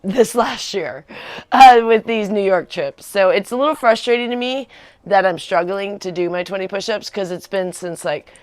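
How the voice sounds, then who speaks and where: A woman's voice: mid-range voice, moderate pace, darkish tone, no room sound. A woman in her forties chatting casually on a livestream, rambling with many fillers and restarts. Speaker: vlogger on a livestream.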